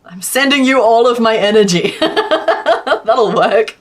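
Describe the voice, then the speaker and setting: A woman's voice: fairly high pitch, lively intonation, slow pace. An Australian woman from Western Australia chatting casually to her live-stream chat while crocheting, laughing often.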